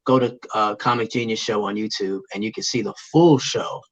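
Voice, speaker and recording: A man's voice: a little fast, a little hiss or hum. A man, a comedian guest, chatting casually on a podcast with plenty of fillers. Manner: relaxed, with fillers, booming announcer bits. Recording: muffled lo-fi audio.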